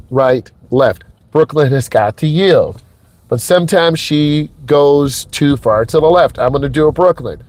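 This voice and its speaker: Middle-aged guy instructor chatting in a car, higher voice, repeats stuff for emphasis. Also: dry recording. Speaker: driving instructor. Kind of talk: casual commentary while driving. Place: inside a car.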